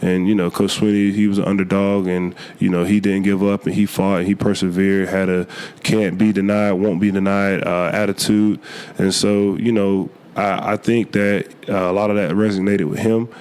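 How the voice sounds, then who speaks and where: Earnest hoarse young man, low voice. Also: flat delivery, a little mellow. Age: young adult. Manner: earnest, halting, many fillers. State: hoarse from a cold. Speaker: college football player. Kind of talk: interview answers.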